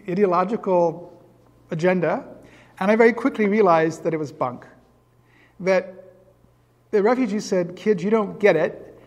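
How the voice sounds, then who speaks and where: A man in his fifties from Iowa, USA, with a high, slightly mellow voice, gives a public lecture as a guest speaker in a large synagogue hall with long reverb. He wanders into personal anecdotes and pokes fun at his younger self.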